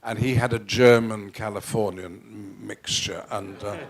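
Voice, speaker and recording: Older male actor, polished RP over northern roots, theatrical, given to sudden loud bursts. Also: fairly low pitch, steady tone, unhurried, gravelly. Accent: Received Pronunciation with faint northern English traces. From Northwest England. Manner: theatrical, playful, with frequent restarts and sudden swings in loudness. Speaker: guest actor. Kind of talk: onstage interview conversation. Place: theatre stage before an audience.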